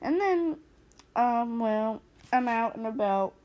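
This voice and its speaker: High pitched woman telling a storytime slowly, acts out all the quotes. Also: expressive, a little mellow. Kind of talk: casual storytime narration.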